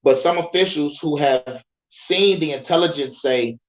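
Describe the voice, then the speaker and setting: A man's voice: a little high, measured pace, reverberant, muffled recording. A young man hosting a podcast, reading news aloud in a casual, profane way, often breaking off to joke and laugh and stumbling over names. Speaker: podcast host.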